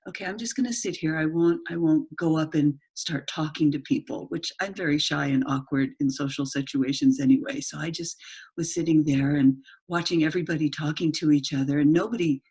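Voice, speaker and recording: Husky-voiced woman host telling stories. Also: deep voice, a little fast, darkish tone. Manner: chatty storytelling, self-deprecating. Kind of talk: casual conversational interview.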